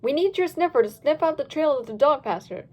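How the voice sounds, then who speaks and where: A woman's voice: high-pitched, animated, fairly quick, darkish tone. A woman voicing a cautious, sensible male Dalmatian pup, talking firmly and with some worry. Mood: fretful firm.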